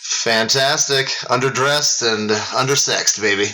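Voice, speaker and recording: A man's voice: medium pitch, a little slow, sharp tone, a little hiss or hum. A man co-hosting a podcast in casual banter, laid-back, joking and swearing freely. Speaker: podcast co-host.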